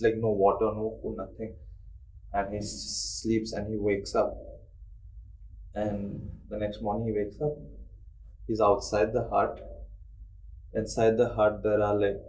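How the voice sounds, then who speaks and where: A man's voice: on the low side, darkish tone, a little hiss or hum, rough recording. A young man, casually telling a ghost story on a podcast and swearing freely. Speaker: podcast host.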